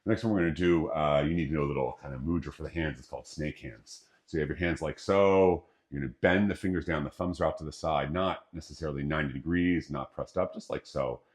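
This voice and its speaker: A middle-aged qigong instructor guides an exercise session, casually joking as he gives step-by-step breathing cues and talks through each breath. His voice is extremely low, and he talks fast with hardly any pauses.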